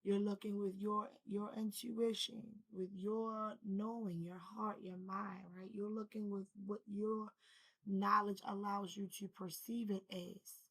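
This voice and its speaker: A woman's voice: medium pitch, level tone, measured pace, fairly bright tone, rough recording. A woman feeling unwell, talking loosely and conversationally to her viewers about spiritual balance, rambling and calling them y'all. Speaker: spiritual vlogger. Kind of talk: casual spiritual talk to camera.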